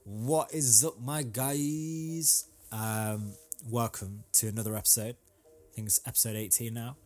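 A young man hosting a casual solo podcast, rambling in a relaxed way with lots of ums and slang. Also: medium pitch, a little slow. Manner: laid-back, rambling, frequent ums and slang. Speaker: podcast host.

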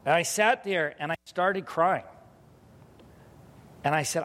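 A middle-aged man preaching a sermon, telling a personal story earnestly and dropping soft and low for quoted lines. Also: slow. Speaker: pastor. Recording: long hall reverb.

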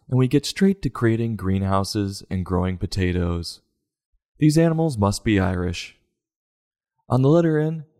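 A man's voice: medium pitch, dark tone. A man giving a comedic, sarcastic review of a children's book in a mock-exasperated way.

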